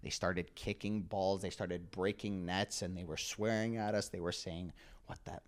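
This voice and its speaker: A young man from Canada, a guest on an interview podcast, telling stories in a casual, animated way with lots of fillers. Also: sits low, moderate pace. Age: young adult. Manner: animated storytelling with many "like" fillers. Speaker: guest, pro soccer player.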